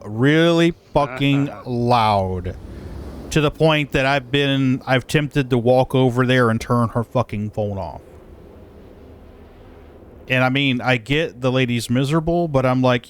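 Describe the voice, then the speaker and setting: A man's voice: mid-range voice, expressive, a little slow, slight background noise. Man venting while driving. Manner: profane, exasperated storytelling. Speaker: live streamer. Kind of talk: casual venting chat. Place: in a moving vehicle.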